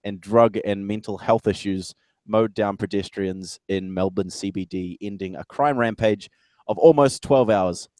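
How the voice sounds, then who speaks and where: Halting, blunt man chatting on stream. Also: fairly low pitch, darkish tone, no echo. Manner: halting, stammering restarts, blunt. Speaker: guest. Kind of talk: casual livestream chat.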